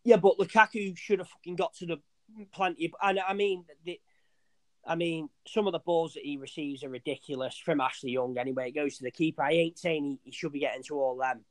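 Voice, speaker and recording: A young man, talking fast and loose about football. His voice sits a little high for a man and sounds dry and close, as he rambles, restarts and swears freely. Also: fairly even intonation, dry recording. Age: young adult. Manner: rambling, sweary, restarts often, says "mate". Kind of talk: casual football chat.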